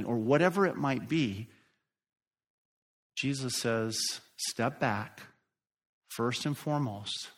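A middle-aged pastor delivers his sermon at an unhurried, deliberate pace. His voice sits at an ordinary male pitch. He swells with force on the points he wants to land. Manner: slow, emphatic preaching that rises and drops in force.

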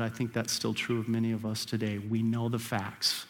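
A man's voice: lowish voice, monotone, a little fast, few pauses. A man preaching a sermon as a pastor, talking straight to the congregation and building to urgent emphatic peaks before dropping back down. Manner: conversational, speaks directly to the congregation.

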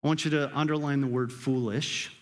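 A man's voice: medium pitch, steady tone, a little fast. A man preaching a sermon as a pastor, talking straight to the congregation and building to urgent emphatic peaks before dropping back down. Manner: conversational, speaks directly to the congregation.

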